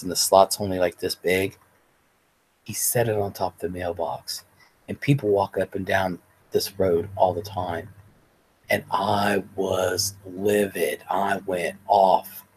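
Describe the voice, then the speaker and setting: A man's voice: low-pitched, a little mellow, husky, rough recording. A man hosting a casual livestream, telling rambling, profane stories and chatting with viewers. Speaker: livestream host.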